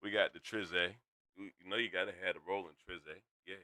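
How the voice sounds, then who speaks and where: A man hosting a casual livestream, loud and hyped, swearing freely as he chats to viewers from a home streaming setup. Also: deep voice, fairly even intonation, quick pace. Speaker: stream host.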